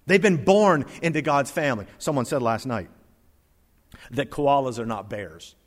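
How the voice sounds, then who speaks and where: A man preaching a sermon, reading scripture aloud and swinging between loud emphatic lines and soft quiet ones. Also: mid-range voice, moderate pace. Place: church hall with congregation. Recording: long reverb of a hall.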